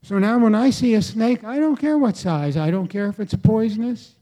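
Slow, deliberate preacher man. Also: high voice, dark tone. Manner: slow, deliberate, with emphatic pauses and repetition. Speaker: pastor. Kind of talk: sermon.

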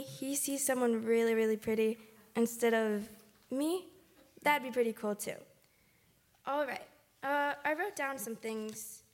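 An actress playing a slacker teenage girl who casually asks God for favors in a flippant, filler-heavy way, in a comedy sketch. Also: on the high side.

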